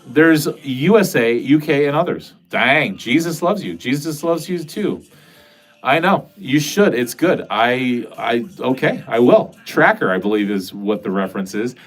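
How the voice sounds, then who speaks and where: A man's voice: medium pitch, lively intonation, unhurried, soft background music. A man livestreaming from his basement, chatting casually and answering viewer comments in a rambling, cursing, self-mocking way. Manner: rambling, profane, self-deprecating. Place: home basement.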